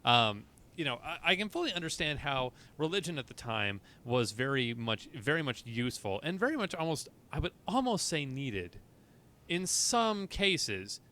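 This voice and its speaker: A man's voice: on the high side, very animated, moderate pace, sharp tone. A man co-hosting a casual podcast, rambling and hunting for words, swearing and laughing easily.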